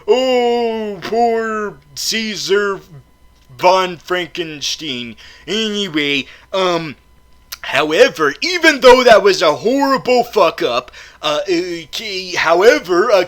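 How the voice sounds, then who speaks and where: A man's voice: sits high, a bit bright. A man recapping a film in a casual, comedic way, rambling and profane, stammering with many fillers. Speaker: film reviewer.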